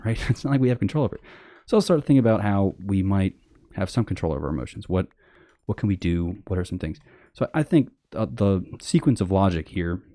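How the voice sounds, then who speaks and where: A man talking in a casual opinion monologue, rambling and blunt, with many fillers and swearing, and mocking others in high sarcastic voices. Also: mellow, no room sound. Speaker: podcast host.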